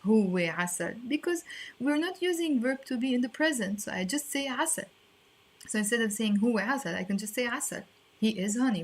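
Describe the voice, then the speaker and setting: A woman's voice: a little high, slightly rough. A woman teaching a language lesson online, explaining in a playful, chatty way with asides.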